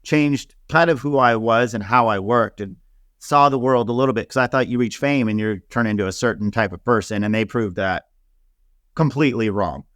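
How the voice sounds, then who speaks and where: A man talking casually in an interview, telling stories in an animated way and full of fillers. His voice sits in a middle range. The recording is dry and close, with no room sound. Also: mid-range voice, normal speed, no echo. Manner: animated, laughing storyteller with many fillers. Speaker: celebrity hairstylist guest.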